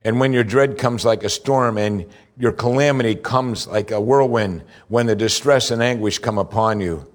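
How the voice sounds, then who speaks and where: A man preaching a sermon, reading scripture slowly and pressing his points with rising emphasis. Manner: earnest, rises in pitch for emphasis, slows for scripture reading.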